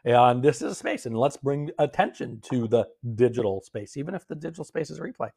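A man hosting a live-streamed gratitude session on a phone, gently coaching viewers and answering their comments. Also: medium pitch, lively intonation, a little fast, gravelly, husky.

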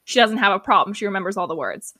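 A young woman co-hosting a podcast, recapping an episode in an enthusiastic, excitable casual chat. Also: medium pitch, fast. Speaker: podcast co-host.

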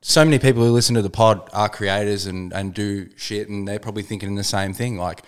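A man's voice: lowish voice, fairly even intonation, fairly quick, clean tone. An Australian man co-hosting a podcast, telling stories in a laid-back, rambling, sweary way. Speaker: podcast co-host. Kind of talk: casual chat and storytelling.

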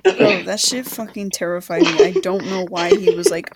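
A woman's voice: fairly low pitch, moderate pace, over a noisy crowd. A young woman telling a story to friends, swearing a lot and often laughing as she talks. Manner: profane, animated, breaks into laughter. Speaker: podcast co-host. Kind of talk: casual storytelling among friends. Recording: loud background noise.

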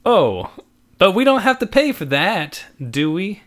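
A man's voice: high-pitched, sing-song, measured pace, a bit bright, voice pushed up, full character voice. A man doing a pleading young man. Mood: coaxing. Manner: pleading, insistent. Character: young man, persistent, odd sudden charm.

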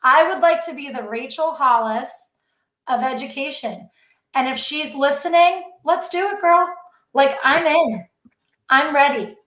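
A high-voiced woman chats casually as a podcast guest, effusive and openly emotional. Her voice rings in an echoey room. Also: measured pace, fairly bright tone. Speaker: guest educator.

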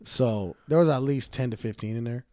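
A man's voice: mid-range voice, a little fast, no echo, studio quality. Laughing, swearing podcast guy. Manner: animated storyteller, swears, laughs a lot. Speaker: podcast co-host. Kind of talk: casual chat.

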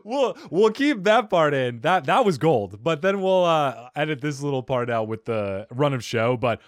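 A man's voice: on the high side, animated, no room sound, studio quality. A man hosting a comedy podcast, joking around and welcoming his guest. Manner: playful, quick to laugh. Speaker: podcast host. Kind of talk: casual podcast chat.

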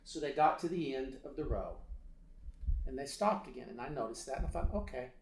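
A man's voice: medium pitch, a little fast, gravelly. A man telling a personal story in a casual interview, hesitant with many fillers, acting out dialogue. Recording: roomy echo.

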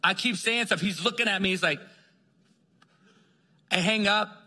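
A man preaching a sermon, telling a story with lively acted-out dialogue. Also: high-pitched, measured pace. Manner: animated storyteller acting out dialogue. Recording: long hall reverb.

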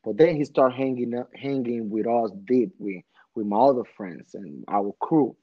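A man in casual conversation, an animated storyteller who keeps asking "you know what I mean.". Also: medium pitch, moderate pace, slightly rough, no echo. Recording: slightly muffled dry recording.

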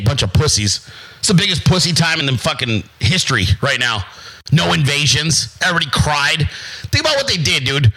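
A man's voice: fairly high pitch, big pitch swings, fairly quick, pushed and bright, breathy edge, poor audio. A man in his forties ranting profanely and defiantly as the host of a casual talk stream. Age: 40s. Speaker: livestream host.

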